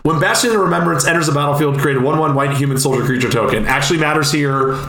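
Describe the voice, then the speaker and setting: A man with a somewhat high, bright voice co-hosts a casual card game podcast. He rambles and repeats himself as he goes. The room is echoey, with a faint background hum. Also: quick pace. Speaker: podcast co-host.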